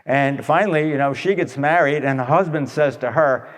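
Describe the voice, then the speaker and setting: A man's voice: a little high, moderate pace, long reverb tail. A man telling stories in a folksy, conversational talk, speaking straight to his listeners and acting out what people said. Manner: conversational, addresses listeners directly, acts out quotes. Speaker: radio speaker giving advice talks.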